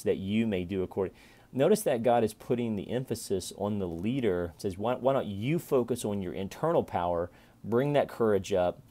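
A man in his forties giving a casual Bible reflection to camera, chatty and repetitive, with sudden loud playful callouts. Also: lowish voice. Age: 40s. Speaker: vlogger reading and reflecting on scripture.

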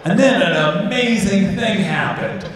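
A man's voice: sits high, expressive, unhurried, noisy background. A man doing a stand-up comedy set, telling a story and acting out the voices in it. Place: large hall with a live audience. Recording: echoey hall recording from far off.

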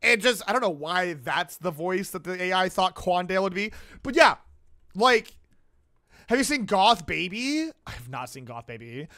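A man hosting a casual reaction video who talks in an excitable, rambling way. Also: high-pitched, normal speed. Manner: excitable and rambling, with frequent outbursts.

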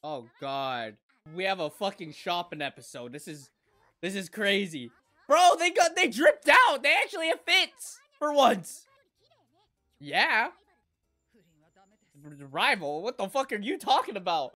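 A woman hosting an anime reaction, moving from soft cooing to loud excited squeals and swearing freely. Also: mid-range voice, unhurried, faint music behind.

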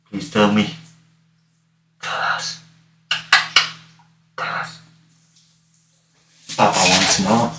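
A man playing Deadpool, slow and roomy. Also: lowish voice. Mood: mock-pleading. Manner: rambling, jokey, mock-begging. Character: irreverent wisecracking masked male antihero. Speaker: cosplayer livestreaming. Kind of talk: livestream chat in character. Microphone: phone on livestream. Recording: echoey room, far from mic, noisy.

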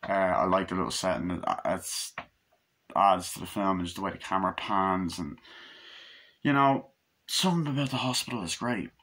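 A man giving a rambling, foul-mouthed casual film review, full of fillers, who acts out scenes with quick quoted voices. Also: low-pitched, a bit bright. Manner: rambling, profane, filler-heavy. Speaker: movie reviewer.

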